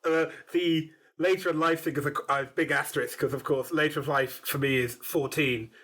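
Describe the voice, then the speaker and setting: A man's voice: on the high side, fairly even intonation, moderate pace, fairly bright tone. A man from England, a podcast guest chatting in a wry, rambling way. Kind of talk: casual interview chat.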